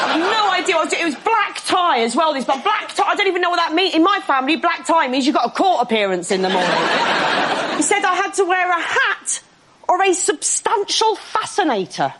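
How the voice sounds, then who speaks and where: A woman telling a stand-up story in a dry, deadpan way. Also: high voice, a little hiss or hum. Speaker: stand-up comedian. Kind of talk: stand-up set.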